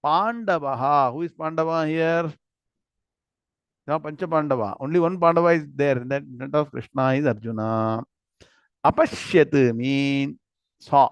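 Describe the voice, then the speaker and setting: A man's voice: fairly high pitch, steady tone, moderate pace, long pauses, clear, resonant tone, no room sound. A man with an Indian English accent teaching a scripture class, reciting Sanskrit words one at a time and quizzing his students. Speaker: Gita and Vedanta teacher.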